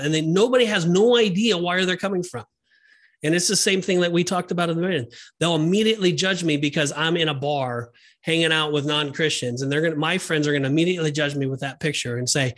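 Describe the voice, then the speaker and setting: A man co-hosting a faith podcast, talking in an earnest, emphatic, animated way. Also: on the high side, quick pace. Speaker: podcast co-host. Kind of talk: casual faith discussion.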